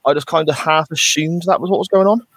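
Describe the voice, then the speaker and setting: A man's voice: a little high, quick pace, fairly bright tone, no room sound. A man co-hosting a podcast, thinking aloud and second-guessing himself while discussing a TV episode. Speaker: podcast co-host. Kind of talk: casual chat reviewing a TV episode.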